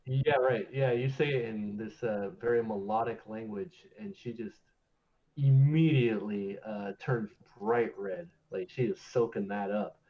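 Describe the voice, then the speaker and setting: A man narrating a tabletop game as game master, casual and quick to laugh at his own slips. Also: lowish voice. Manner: casual, laughing, self-correcting. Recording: dull lo-fi stream audio with faint music.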